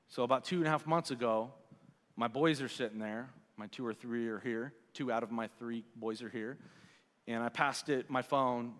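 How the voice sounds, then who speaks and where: A man in his forties preaching a sermon in a church in a conversational way, growing quiet when he prays. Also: medium pitch. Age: 40s. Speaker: pastor. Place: church sanctuary. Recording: long hall reverb.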